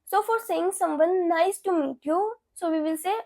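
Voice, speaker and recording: A woman's voice: very high voice, moderate pace, dark tone. A young woman from India, teaching a beginner French lesson and repeating each phrase twice.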